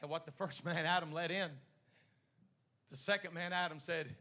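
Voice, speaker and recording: A man preaching a sermon in short rhythmic phrases that build to shouting. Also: a little high, steady tone, moderate pace, long pauses.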